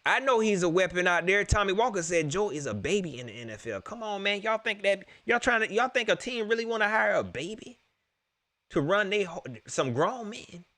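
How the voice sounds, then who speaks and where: Animated, bright-voiced sports fan man. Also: sits high, moderate pace, no room sound. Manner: animated, repeats himself, laughs often; talks straight to viewers. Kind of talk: excited casual sports preview chat.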